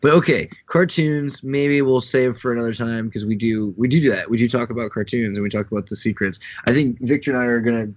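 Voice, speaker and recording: A man's voice: medium pitch, fairly quick, few pauses, dry recording. A man appearing as a podcast guest, talking with enthusiasm and rambling from one idea to the next. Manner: enthusiastic, rambling, jumps between ideas. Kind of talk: casual conversation. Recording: dull dry audio.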